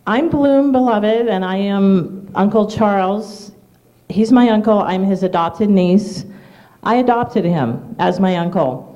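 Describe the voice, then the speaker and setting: A woman's voice: medium pitch, animated, takes it slowly, dark tone, highs cut off. A nervous, shaking woman giving a tribute speech, hesitant with fillers, then reading a letter. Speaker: speaker at a tribute event.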